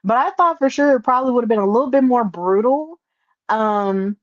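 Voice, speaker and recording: A woman hosting a solo podcast, retelling events in an excitable, animated way with playful asides. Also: on the high side, brisk, dry recording, lo-fi sound. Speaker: podcast host.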